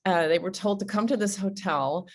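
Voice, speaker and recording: A woman's voice: medium pitch, normal speed. A woman interviewing an author at a book talk, speaking in a reflective, personal way and laughing easily.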